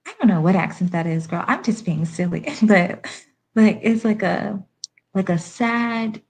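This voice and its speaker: A woman's voice: medium pitch, darkish tone. Blunt, sassy woman livestreamer. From Haiti. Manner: blunt and sassy, fires rhetorical questions. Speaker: livestream commentator. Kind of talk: casual live-stream commentary.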